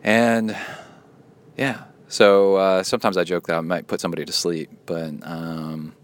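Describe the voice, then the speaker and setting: Laid-back low-voiced male podcast host. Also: level tone, a little slow. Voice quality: soothing. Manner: playful, jokey asides. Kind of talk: casual podcast chat, reading listener emails.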